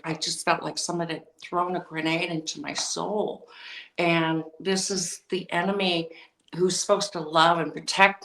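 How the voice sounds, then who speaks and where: A woman's voice: on the low side, bright, forceful tone, roomy sound, distant mic, poor audio. A woman as a podcast guest, telling an emotional personal story and acting out remembered conversations. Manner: emotional, recounting with quoted dialogue.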